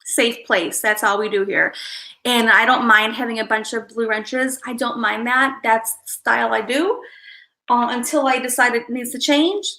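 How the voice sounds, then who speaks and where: A woman with a bright, forceful voice that sits a little high, chatting casually on a livestream. She rambles, restarts her thoughts and calls out viewers by name as she goes. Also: normal speed, rough recording. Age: adult parent. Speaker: livestream host.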